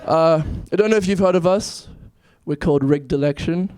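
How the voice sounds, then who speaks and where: A man's voice: fairly high pitch, moderate pace, noisy background. Nervous young man doing stand-up. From South Africa. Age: 20s. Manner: nervous, self-deprecating joke delivery. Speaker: stand-up comedian and YouTuber. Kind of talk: stand-up comedy set. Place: comedy club stage.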